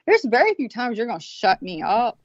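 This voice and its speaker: A woman's voice: a little high, wildly swooping pitch, a little fast, dry recording. A woman with a Southern US accent, telling a rambling story in casual chat in a blunt, profane way. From American South. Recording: dull, lo-fi sound.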